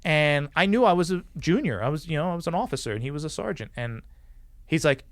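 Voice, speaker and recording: A former police officer appears as a podcast guest, casually telling a story in a gravelly, creaky voice that sits a little high. He talks fast, acts out the people he quotes with animation, and swears freely. The sound is dry and close, with no room echo.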